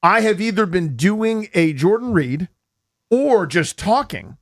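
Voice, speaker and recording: A man's voice: sits high, unhurried. An American man hosting a sports radio show, telling rambling jokey stories in a casual studio chat. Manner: animated, jokey, rambling storyteller. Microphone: studio microphone.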